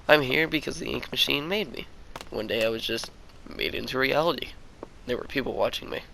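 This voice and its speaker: A man voicing a gentle man made by an ink machine, speaking quietly and fearfully, as he reads a fan story aloud. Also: mid-range voice, fairly quick, vocal fry, slight background noise, poor audio. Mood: wistful. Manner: quiet, hushed, fearful at times.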